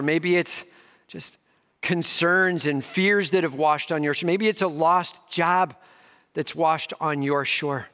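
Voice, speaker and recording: A man delivers a sermon in a slightly high voice, rising into emphatic bursts and then dropping to hushed, gentle stretches. He mixes preaching with casual, slangy asides. His voice rings out with a long hall reverb behind it. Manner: swings between emphatic raised passages and hushed soft ones. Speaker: pastor.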